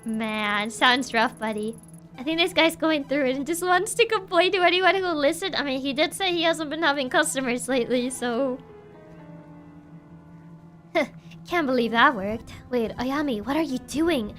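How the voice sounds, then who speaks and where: Woman game streamer, bright, self-mocking and giggly, faint game music. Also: sits high, normal speed. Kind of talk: casual let's play commentary.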